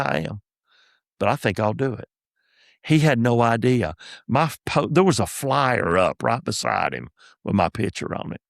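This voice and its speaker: Gravelly drawling man. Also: lowish voice, no echo, clean studio sound. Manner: folksy, drawling, animated retelling of anecdotes. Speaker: comedian and podcast host. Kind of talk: casual storytelling.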